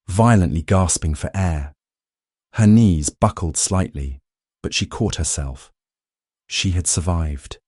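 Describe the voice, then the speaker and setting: A man narrates a suspense story in a steady, dramatic storytelling voice. His voice is very low and deep. The recording is dry and close, with no room echo.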